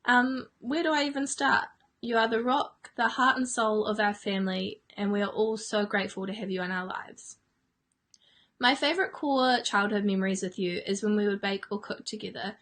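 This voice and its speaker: A woman's voice: medium pitch, normal speed. A young woman, reading an earnest, scripted tribute to her grandmother. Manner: earnest and warm-hearted, scripted. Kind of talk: heartfelt family tribute message.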